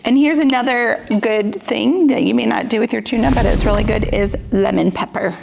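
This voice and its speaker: A woman's voice: a little high, fairly quick, gravelly, background noise. A woman co-hosting a show, walking through a simple recipe and talking about books in an easygoing way, laughing often. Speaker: co-host and executive producer. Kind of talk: casual cooking and book chat.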